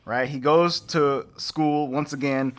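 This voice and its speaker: A man hosting a podcast, recapping a film in an animated, chatty way and laughing often. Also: on the high side, slow pace. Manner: animated storyteller, laughs often, acts out characters. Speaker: podcast host. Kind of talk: casual chat recapping a film.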